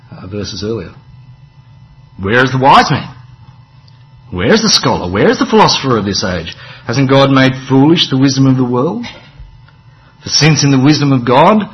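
A man preaching with a wry, chatty delivery, leaning hard on key words and dropping into quieter asides. His voice sits at an ordinary male pitch. The recording sounds a little dull and lo-fi. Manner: conversational, wry preaching with dramatic emphasis and asides. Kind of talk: sermon.

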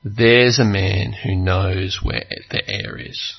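A man preaching a sermon, earnest, with long pauses, building to fervent emphasis. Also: low-pitched, steady tone, creaky, husky, dull audio.

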